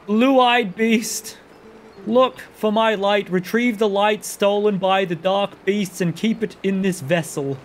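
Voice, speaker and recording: Grave ancient light spirit, as a man puts it on, slow and raised, game music under it. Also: high voice, voice pushed up. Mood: solemn.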